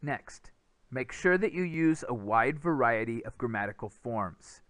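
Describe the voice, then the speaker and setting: A man lectures on speaking-test skills in a bright, forward voice. The sound is dry and close, with no room around it. He explains step by step and taps out speech rhythm in nonsense syllables. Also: mid-range voice, lively intonation, unhurried, no echo. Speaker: English test teacher. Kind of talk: recorded lecture over slides.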